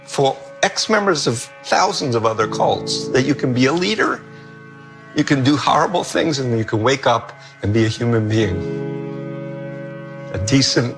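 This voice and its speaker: A man with a mid-pitched voice speaks with lively, swinging intonation and real emphasis. He sounds emotional as he pays tribute, with clear music playing behind him. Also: moderate pace. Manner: emphatic, animated praise. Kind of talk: documentary interview. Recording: music underneath.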